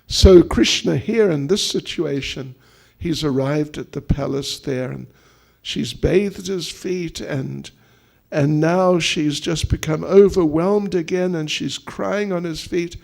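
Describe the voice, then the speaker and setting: A monk telling a devotional story in a sermon, animated and acting out the dialogue. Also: male voice, a little high, takes it slowly, gravelly. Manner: animated storytelling, acts out quotes. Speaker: monk preacher.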